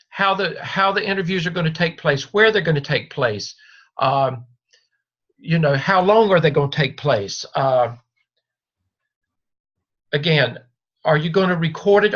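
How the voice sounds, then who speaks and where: A man's voice: a little high, fairly bright tone. Man coaching a student over a video call. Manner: reassuring, repetitive, coaching. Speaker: doctoral advisor. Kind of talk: one-on-one video call mentoring. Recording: dull lo-fi video call audio.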